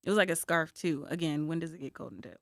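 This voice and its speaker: A woman from North Carolina co-hosting a podcast, blunt and teasing with quick laughs. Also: low voice, gravelly, dry recording, clean studio sound. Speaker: podcast co-host. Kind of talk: casual chat.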